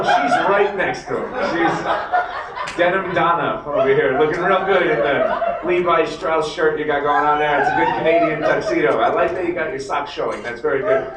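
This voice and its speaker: In a casino showroom, a male comedy host runs a live stand-up set, brash and profane, teasing the audience as he works the crowd. His voice is a little high. The recording is roomy and captured from far off, with the crowd and heavy background noise audible.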